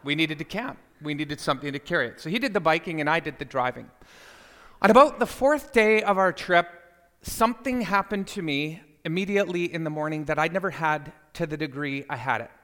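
A man telling a personal story to listeners, animated and speaking to them directly. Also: on the high side, fairly quick, long reverb tail. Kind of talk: storytelling talk.

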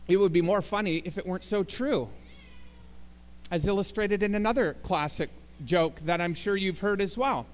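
A man's voice: high voice, normal speed. A man preaching a sermon as pastor, telling jokes and building to emphatic appeals in a church sanctuary. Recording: long reverb in a large hall.

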